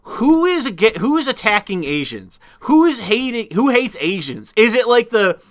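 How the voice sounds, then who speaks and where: Guy on a stream, kinda high voice, asks rhetorical questions, keeps restarting. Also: sing-song, normal speed. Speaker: stream host. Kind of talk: casual political chat.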